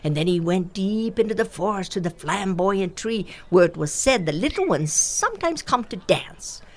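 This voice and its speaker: A woman telling a folktale aloud, expressive and rhythmic, with repeated phrases. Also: medium pitch, normal speed. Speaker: storyteller. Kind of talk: oral folktale storytelling.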